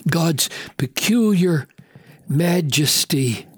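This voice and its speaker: A man preaching a sermon in an earnest, emphatic way, slowing down to stress key words and repeating questions for effect. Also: on the high side, expressive, slightly rough, no echo.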